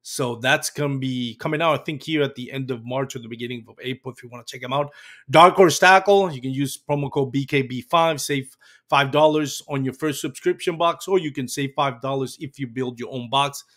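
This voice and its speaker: A man's voice: medium pitch, fairly quick, a bit bright. A man hosting a fishing live show, reading sponsor notes and interviewing loosely, with "um" and "uh" fillers. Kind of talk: sponsor reads and casual interview.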